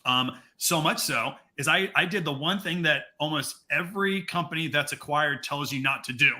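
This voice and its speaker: A man's voice: fairly high pitch, moderate pace, pushed and bright. A man co-hosting a podcast, telling a personal business story in a casual, conversational way, often restarting his sentences. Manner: conversational, with many restarts and asides. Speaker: podcast co-host.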